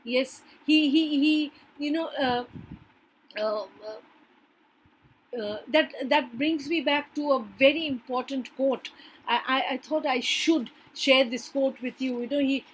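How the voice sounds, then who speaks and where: A woman's voice: sits high, slow pace, slight background noise, poor audio. A woman literature teacher lecturing a class on a poem, often stopping to check in with "yes" and "right", with some hesitant restarts.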